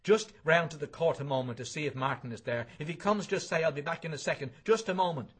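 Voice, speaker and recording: A man's voice: a little high, fast talker, breathy edge, voice pushed up. A man reading the part of an earnest middle-aged man who pleads against hatred, stressing words one by one. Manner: insistent, listing words one by one.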